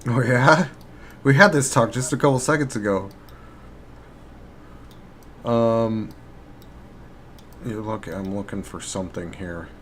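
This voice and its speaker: A man narrating as game master in a live-streamed tabletop game, pausing and restarting while he works his game tools. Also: mid-range voice, a bit bright, slight background noise. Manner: halting, pauses while working the game tools. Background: faint guitar music.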